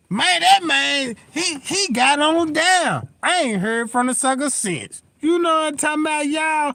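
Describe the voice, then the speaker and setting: With a very high voice and no echo, a man hosts a casual livestream, rambling and swearing. He gets heated and animated, constantly asking whether listeners know what he's talking about.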